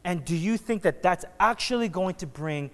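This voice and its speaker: Pastor, male, slightly high voice, chatty joking sermon delivery, long church-hall reverb. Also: expressive, moderate pace, a bit bright. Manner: casual, joking, conversational preaching with frequent restarts. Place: church sanctuary.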